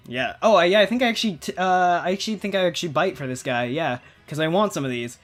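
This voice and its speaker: A man chats loosely over a playthrough, trailing off and circling back as he goes. His voice sits a touch higher than most men's. Faint game music plays softly behind him. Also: animated, fairly quick. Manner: rambling, chatty, self-interrupting. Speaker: gaming channel host. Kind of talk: casual gameplay commentary.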